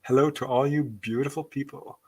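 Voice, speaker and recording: A man's voice: medium pitch, fairly even intonation, brisk, darkish tone, husky. A man hosting a live-stream show, reading out viewer comments in a chatty, thankful way and laughing between them. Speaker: podcast host.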